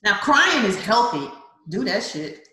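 A woman and mother in casual chat, unhurried and encouraging, often agreeing with a quick "yeah". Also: mid-range voice, sing-song, pushed and bright. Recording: echoey room.

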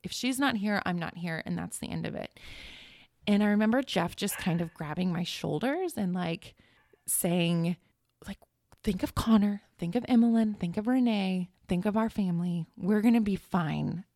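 A woman telling a painful personal story in a halting, emotional way as a podcast guest. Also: medium pitch, a little mellow, no room sound, clean studio sound. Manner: halting, emotional, reliving the moment. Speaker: guest sharing her story.

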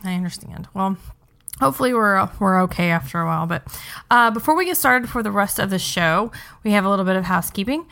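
Chatty woman podcast host, gravelly edge. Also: mid-range voice, expressive, fast, fairly bright tone. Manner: chatty, upbeat, frequent ums. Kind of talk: casual podcast chat.

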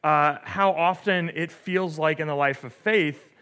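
A middle-aged man, a pastor, telling a story in a relaxed sermon, full of fillers and restarts, often asking "right?". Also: fairly high pitch, a little slow, smooth.

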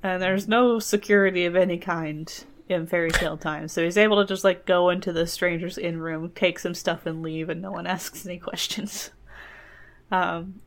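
A woman's voice: fairly low pitch, fairly even intonation, normal speed, a little hiss or hum. A woman hosting a comedy podcast who retells a fairy tale in a casual, playful, digressive way. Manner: playful, digressive, laughs often.

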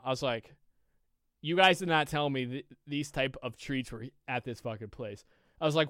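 A podcast co-host telling a casual story, rambling with lots of fillers and swearing freely. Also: male voice, on the high side, brisk, a bit bright, dry recording, studio quality.

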